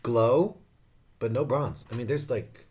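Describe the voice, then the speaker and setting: A man's voice: medium pitch, unhurried, darkish tone. A man giving a casual skincare review at home, campy, profane and playful, laughing often. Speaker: beauty vlogger reviewing skincare.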